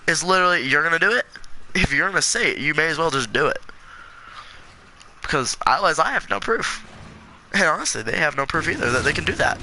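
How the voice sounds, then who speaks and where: A man's voice: on the high side, bright, forceful tone, a little hiss or hum, rough recording. A fifteen-year-old boy ranting defiantly in casual chat while playing a game. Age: teens. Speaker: gaming streamer.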